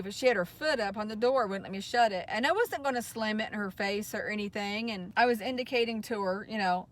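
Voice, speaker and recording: A woman's voice: mid-range voice, fairly quick, few pauses. A woman telling a personal story in a candid, emotional vlog, talking from inside a car. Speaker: vlogger.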